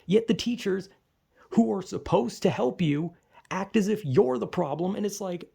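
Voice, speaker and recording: A man's voice: high voice, moderate pace, gravelly, mellow, slightly rough. A young man ranting casually and profanely, exasperated, often acting out the people he quotes. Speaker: vlogger. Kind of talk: casual rant.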